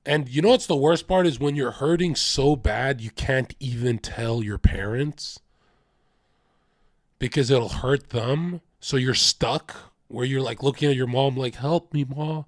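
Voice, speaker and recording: A man's voice: medium pitch, measured pace, dry recording, studio quality. A man in his twenties livestreaming a casual, confessional rant, talking bluntly and swearing freely.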